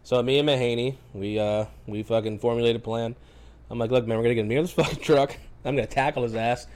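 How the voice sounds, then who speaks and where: Fast-talking profane man. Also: mid-range voice. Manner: profane, blunt, animated. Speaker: firefighter paramedic guest. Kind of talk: casual storytelling interview.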